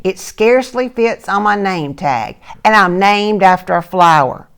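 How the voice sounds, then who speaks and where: Older woman as storybook girl mouse; lightly raised, lively read. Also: a little slow, smooth. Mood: miserable. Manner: higher and louder than the narration. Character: little girl mouse, excitable then hurt.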